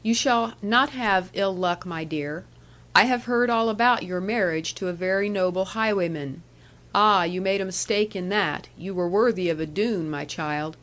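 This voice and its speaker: A woman's voice: mid-range voice, moderate pace, a bit bright, lightly acted. A woman voicing an old male outlaw counsellor in a storybook reading, jovial, sly and teasing. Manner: chuckling, teasing.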